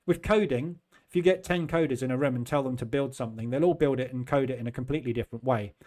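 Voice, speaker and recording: A man in his fifties hosting a trading channel, talking in a chatty, self-deprecating way and acting out his own quick asides. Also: mid-range voice, darkish tone. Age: 50s. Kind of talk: casual chat.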